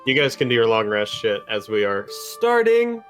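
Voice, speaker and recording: A man's voice: medium pitch, sing-song, normal speed, fairly bright tone, faint music behind. A man acting as dungeon master, chatting loosely and joking with his players as he sets the scene. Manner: laid-back, joking, fillers. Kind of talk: casual game narration and chat.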